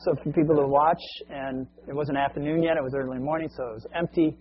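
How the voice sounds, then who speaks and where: A male preacher telling a long story as a sermon illustration, in a conversational, animated way, on a muffled lo-fi recording. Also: fairly high pitch, quick pace, slight background noise.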